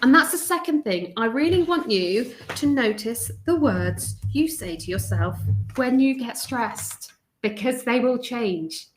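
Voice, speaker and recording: A woman's voice: a little high, expressive, a little slow, a little hiss or hum. A woman, a stress coach giving a live video talk to an online group from her home, chatty and prone to digressing and interrupting herself. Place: home room indoors, windows rattling in a storm. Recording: echoey room.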